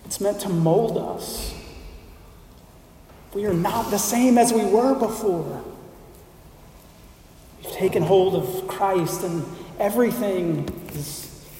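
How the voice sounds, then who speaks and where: A high-voiced male pastor preaching slowly in an echoey sanctuary. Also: dark tone, slight background noise. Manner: measured preaching with deliberate pauses and emphatic lists. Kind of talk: sermon. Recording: roomy hall reverb, mic at a distance.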